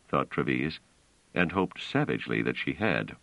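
A man narrating a science fiction audiobook in an expressive storytelling manner. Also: extremely low pitch, a little slow, creaky, no room sound. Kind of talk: scripted narration. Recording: dull, dry audio.

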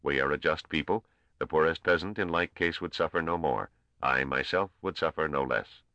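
Narrator doing a squeaky, scornful old ruler, clipped and cold, dull cassette sound. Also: male voice, moderate pace, sharp tone, no room sound, heavily acted. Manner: snapping, intoning, coldly formal. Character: small old balding male ruler, scornful and curt. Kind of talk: audiobook character voice.

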